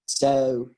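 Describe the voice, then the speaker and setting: A middle-aged man in an interview, telling his story in an animated, conversational way and acting out the voices of the people in it. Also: mid-range voice, rough recording. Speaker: interview guest.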